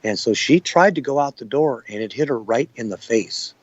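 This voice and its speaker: A man's voice: medium pitch, lively intonation, moderate pace, breathy edge, no room sound, lo-fi sound. A man recounting what he witnessed in an interview, plain-spoken and rambling. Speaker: eyewitness.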